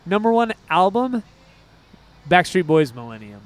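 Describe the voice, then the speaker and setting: Rambling, excitable man with a higher voice. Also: a little slow, clear, resonant tone. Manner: rambling, excitable, goes off on tangents. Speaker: podcast co-host. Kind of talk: casual chat.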